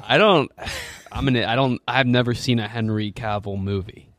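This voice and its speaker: A man's voice: mid-range voice, moderate pace. A man speaking hesitantly in casual chat, unsure and trailing off.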